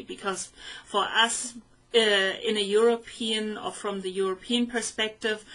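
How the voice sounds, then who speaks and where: A woman hosting a conversational interview, speaking in a measured way and pausing often to search for words. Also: medium pitch, a bit bright, poor audio. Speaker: host.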